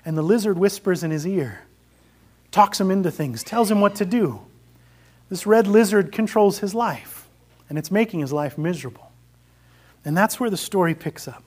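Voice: medium pitch, moderate pace, husky. A preacher giving a sermon, retelling a story and exhorting the congregation. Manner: earnest, exhorting.

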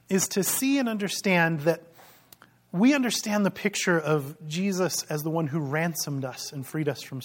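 A man preaching a sermon as pastor, emphatic and full of rhetorical questions. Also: a little high.

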